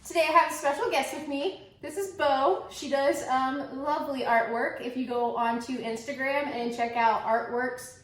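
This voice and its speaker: A young woman hosting her home cooking vlog, bubbly and rambling, excitedly chatting with a guest in her kitchen. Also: high-pitched, normal speed, few pauses. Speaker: cooking channel host. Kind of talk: casual cooking vlog chat. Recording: echoey kitchen room.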